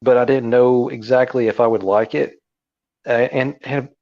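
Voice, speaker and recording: A man's voice: medium pitch, fairly even intonation, moderate pace, highs cut off. A man co-hosting a casual video game chat, earnest and friendly. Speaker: co-host.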